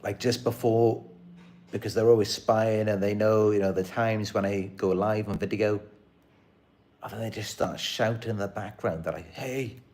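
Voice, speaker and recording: Male channel host, low voice, earnest and aggrieved, loose rambling monologue to camera. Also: steady tone, normal speed, darkish tone. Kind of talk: casual live-stream monologue.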